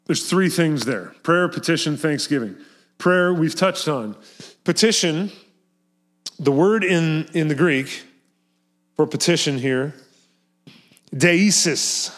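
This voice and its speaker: A man's voice: on the high side, takes it slowly, long pauses. Earnest, emphatic preacher man. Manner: earnest and emphatic, with frequent repeats. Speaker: pastor. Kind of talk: sermon.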